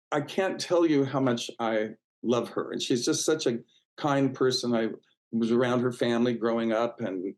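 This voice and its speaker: In a rough recording, a man in his sixties with a mid-range voice chats as a guest in a casual interview. He tells stories warmly, full of fillers and restarts, and acts out the voices of people he quotes.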